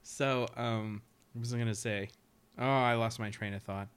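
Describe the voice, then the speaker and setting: A man co-hosting a casual chat, joking fast and crude and laughing often. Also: mid-range voice, steady tone, fairly bright tone, clean tone. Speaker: podcast co-host.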